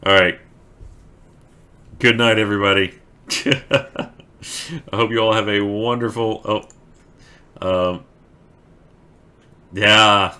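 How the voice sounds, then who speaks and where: A man's voice: on the low side, fairly even intonation, slow pace, long pauses, bright, forceful tone. A man hosting a livestream, chatting with viewers and reading verse aloud with dramatic swells, breaking off to giggle. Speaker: livestream host. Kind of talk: casual stream chat and reading a poem aloud.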